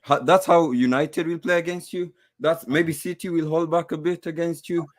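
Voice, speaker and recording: Calm, matter-of-fact man calling in. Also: a little high, normal speed. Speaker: caller, rival football fan. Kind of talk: casual debate on a call.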